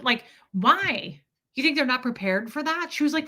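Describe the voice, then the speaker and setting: A woman's voice: a little high, animated, normal speed, sharp tone. A woman hosting a casual livestream, talking candidly and emotionally, laughing often and swearing freely as she answers her chat. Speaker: livestream host.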